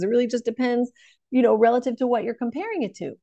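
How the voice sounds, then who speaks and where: A woman's voice: fairly high pitch, fast talker, gravelly, dry recording, dull audio. A woman in her thirties giving an online Torah lesson, asking questions and restarting her sentences as she thinks aloud. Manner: animated, questioning, many fillers and restarts. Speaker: Torah teacher.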